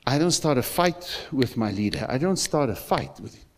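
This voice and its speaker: A man's voice: mid-range voice, expressive, normal speed. A man with a South African accent preaching a sermon in a church, emphatic, repeating phrases and asking the congregation questions. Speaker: pastor.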